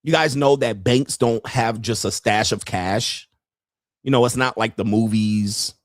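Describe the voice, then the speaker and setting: A man hosting a crude, comedic livestream commentary show, profane and quick to laugh. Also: lowish voice, no echo, clean studio sound. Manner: animated, profane, laughs often. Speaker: host and dating coach.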